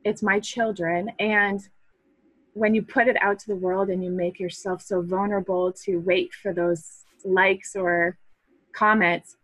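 A hobby photographer in her thirties from Massachusetts, USA, guests on a podcast in casual interview chat, earnest and reflective, with restarts and soft laughs. Her mid-range voice is level and measured, captured on a dry close mic with poor audio.

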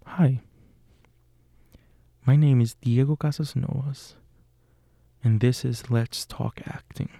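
A young man with a Puerto Rican accent hosting a podcast, talking in an unhurried, casual way with many fillers and self-corrections. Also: medium pitch, steady tone, gravelly, warm tone, no echo, clean studio sound. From Puerto Rico. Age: young adult. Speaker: podcast host.

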